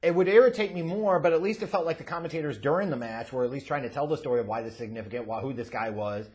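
A man hosting a wrestling review, ranting angrily and profanely, often building to shouts. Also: mid-range voice, racing. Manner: angry, profane, shouting ranter.

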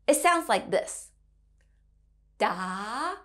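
A woman's voice: on the high side, sing-song, unhurried. A woman teaching a children's language lesson, playful and sing-song, a mother drawing out her tones.

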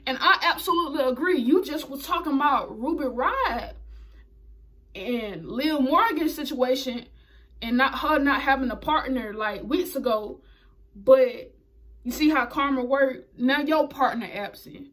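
A woman's voice: fairly high pitch, normal speed, fairly bright tone. A woman recapping a wrestling show in a chatty, slangy way, laughing often. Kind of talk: casual video recap.

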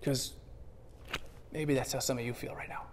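A man preaching a sermon in a church, conversational and animated, swinging from hushed asides to loud emphatic bursts. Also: medium pitch, moderate pace, long reverb tail, a little hiss or hum. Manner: conversational, playfully acts out scripture scenes. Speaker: pastor. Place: church sanctuary.

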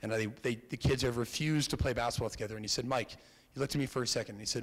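A young man from Connecticut tells a personal story to an audience, his voice sitting at a middle pitch. He is animated and raises his voice to act out the lines he quotes. A long reverb from a large hall trails after each phrase. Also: racing. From Connecticut, USA. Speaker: keynote speaker. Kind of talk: storytelling talk.

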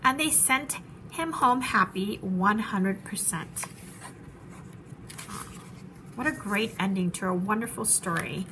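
A woman teacher reading a children's storybook aloud with animated, rhythmic rhyming narration. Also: medium pitch, measured pace, slight background noise.

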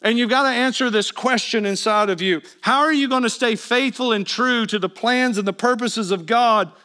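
A man preaching a sermon as pastor, swinging between loud emphatic appeals and hushed asides, often questioning his congregation directly. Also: very high-pitched, normal speed.

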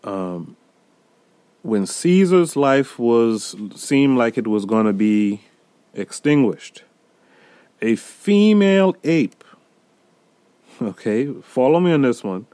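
A man hosting a solo podcast, talking through a film in an emphatic, deliberate way and speaking straight to his listeners. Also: medium pitch, very animated, mellow, no room sound. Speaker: podcast host reviewing a film.

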